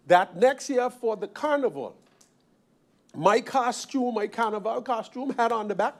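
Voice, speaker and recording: A man from Sint Maarten delivers a parliamentary speech in a high-pitched voice. He hammers his points home, repeating phrases and firing off rhetorical questions in the chamber. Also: lively intonation, unhurried. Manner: emphatic, repetitive, forceful rhetorical questions. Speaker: member of parliament.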